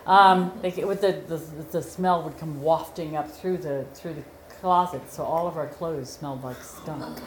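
A woman's voice: deep voice, moderate pace, roomy sound. A woman talking casually about dog training, explaining patiently and telling stories with animation. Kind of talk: casual chat.

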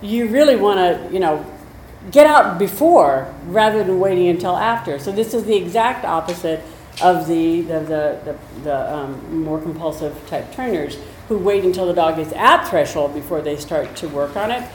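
A woman's voice: lowish voice, normal speed, darkish tone. A woman explaining dog behavior in a chatty, conversational way, with storytelling asides. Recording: roomy echo, faint noise.

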